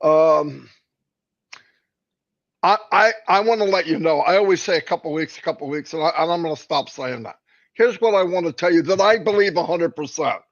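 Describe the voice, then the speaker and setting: A man's voice: fairly high pitch, normal speed. A man co-hosting a casual live stream, rambling and joking with many fillers and restarts. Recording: dull lo-fi stream audio.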